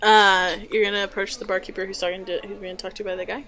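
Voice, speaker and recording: A woman's voice: medium pitch, level tone, fast, a bit bright. A woman game master casually narrating a tabletop fantasy game, with fillers and light laughs.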